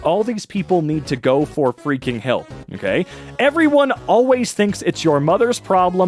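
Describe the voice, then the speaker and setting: A man's voice: high voice, moderate pace, faint music behind. A man reading out text messages and reacting with sarcastic, incredulous commentary as a comedy host. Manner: animated, sarcastic, incredulous outbursts.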